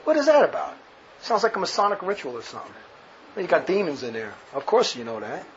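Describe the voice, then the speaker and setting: Quick and sing-song in a fairly high pitch, a male religious commentator mocks a speech with emphatic sarcasm and chuckles at his own digs. It's captured on a dull lo-fi recording with faint noise.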